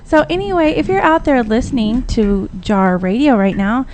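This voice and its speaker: A woman's voice: a little high, moderate pace, a little hiss or hum. A woman, hosting a casual radio talk show and telling stories with acted-out quotes. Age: 40s. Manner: animated storyteller who acts out quoted voices. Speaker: radio host.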